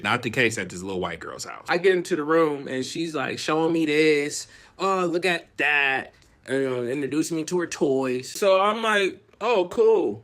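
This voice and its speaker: A young adult man casually telling a story to camera, slangy and animated, now and then dropping into a hush. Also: a little high. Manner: animated, slangy, dips into hushed whispers.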